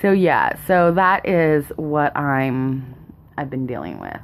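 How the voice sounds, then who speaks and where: A woman's voice: sits low, big pitch swings, takes it slowly. A young woman, a mother vlogging at home, rambling nervously and laughing often. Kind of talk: casual rambling chat. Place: home, indoors.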